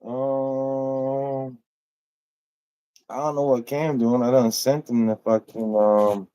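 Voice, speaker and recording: Young man, live stream host, laid-back, slangy, swears freely, mid-pitched voice. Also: steady tone, slow pace, dark tone, smooth. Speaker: livestream host. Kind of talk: casual live stream chat.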